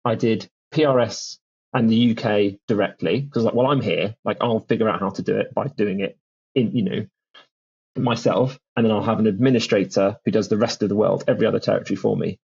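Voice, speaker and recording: A man's voice: on the low side, steady tone, a little fast, vocal fry, darkish tone, slightly rough, dull audio. A man, a music publishing founder, telling stories in a chatty podcast interview with lots of restarts and fillers. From England.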